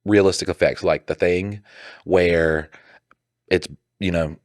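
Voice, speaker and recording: Southern young man, podcast co-host, deep voice, dry close sound, animated and profane. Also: slow pace, no echo. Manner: animated, swearing, laughing storyteller. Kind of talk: casual podcast chat.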